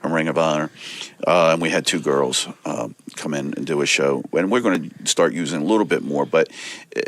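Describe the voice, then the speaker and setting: Low-voiced male guest, wrestling promoter, animated storyteller, dry sound. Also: a little fast, no room sound. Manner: animated, acts out quoted people. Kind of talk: casual storytelling.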